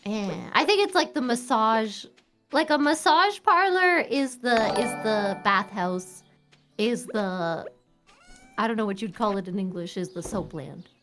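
A woman's voice: on the high side, animated, measured pace. A woman streamer chatting casually while gaming, giggling and rambling through explanations. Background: game music.

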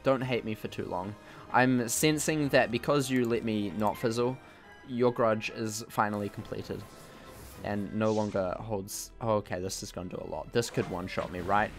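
Speaking in a lowish, steady voice at a moderate pace, a gaming channel host offers casual, jokey play-by-play of a video game. Soft background music accompanies his self-mockery and his exclamations at what unfolds.

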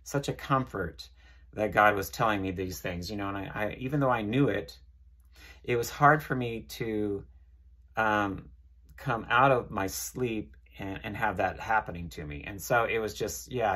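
Male preacher, low husky voice, earnest, repetitive prayer-leading delivery. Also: fairly bright tone. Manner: earnest, leads listeners in prayer, repeats phrases. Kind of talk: informal sermon.

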